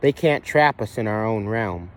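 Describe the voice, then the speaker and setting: A man's voice: lowish voice, lively intonation, normal speed. Rambling man vlogging outdoors. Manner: rambling, profane, repetitive restarts. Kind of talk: conspiracy monologue.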